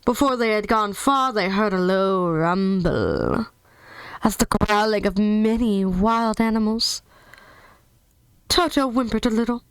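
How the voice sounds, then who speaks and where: A woman's voice: mid-range voice, clear, resonant tone, dry recording, rough recording. A woman reading a children's novel aloud for her channel, chatty with little asides between passages. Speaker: storyteller, channel host.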